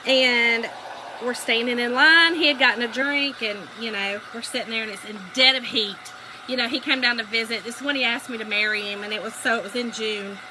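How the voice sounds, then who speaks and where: A woman's voice: a little high, steady tone, brisk, background noise. A woman with a Southern US accent hosting a crafting livestream, chatting with viewers and telling stories. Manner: chatty storytelling, addresses viewers as y'all. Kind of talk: casual crafting livestream chat.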